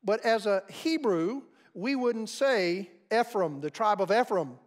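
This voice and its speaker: An American man preaching a sermon as pastor, measured and deliberate, walking through pronunciations. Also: high-pitched.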